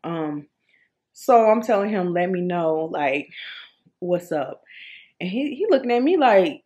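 A woman in her thirties telling a personal story in a casual vlog, animated and expressive, with many fillers and repeated words. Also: mid-range voice, takes it slowly, long pauses. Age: 30s. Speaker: vlogger.

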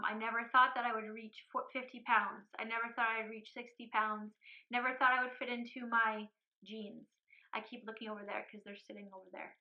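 A young woman speaks to her camera in a casual personal vlog, earnest and heartfelt, with plenty of ums. Her voice sits a little high, and the recording is somewhat dull and lo-fi. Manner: earnest and emotional, with frequent ums. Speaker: weight loss vlogger.

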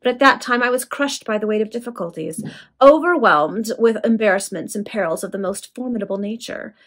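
A woman's voice: mid-range voice, a little fast, a bit bright, natural voice. A woman reading aloud, voicing a proud and indignant noblewoman in her own voice. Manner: impatient and indignant.

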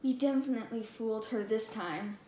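A woman's voice: fairly high pitch, normal speed, dark tone, natural voice. A woman voicing a cheerful mom who speaks in a pleased, conspiratorial way. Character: cheerful, scheming storybook mom. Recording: echoey room, faint background hum.

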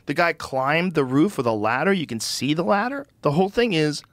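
A man hosting a podcast, talking in an animated, profane, incredulous way in casual conversation. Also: a little high, brisk, no room sound. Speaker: podcast host.

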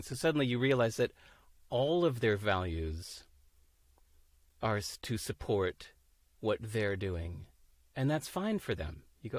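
A man talking as a podcast guest, animated, laughing often and acting out the voices of people he quotes. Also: fairly low pitch, a little slow, dry recording. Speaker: interview guest. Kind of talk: casual podcast conversation.

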